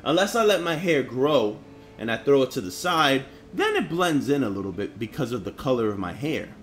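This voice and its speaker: A man's voice: mid-range voice, very animated, a little fast, faint music behind. A young man who grew up in Harlem, telling personal stories in a blunt, profane, slangy vlog manner. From Harlem, New York. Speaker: vlogger. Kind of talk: casual storytelling vlog.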